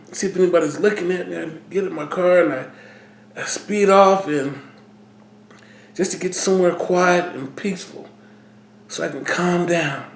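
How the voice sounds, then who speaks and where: Slow, halting man in an echoey room. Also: high-pitched, slight background noise. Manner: halting, emotional, repeats words. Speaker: vlogger. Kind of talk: personal talk to camera.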